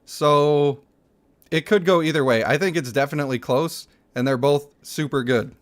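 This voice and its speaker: A man hosting a live game stream, chatting with viewers and thanking supporters, quick to laugh. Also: fairly high pitch. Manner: excitable, laughs easily, thanks viewers by name. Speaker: streamer and gaming channel host.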